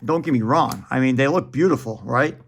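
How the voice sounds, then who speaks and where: A man's voice: medium pitch, fairly quick. A man in his forties chatting casually while opening trading card packs, rambling and profane, chuckling often.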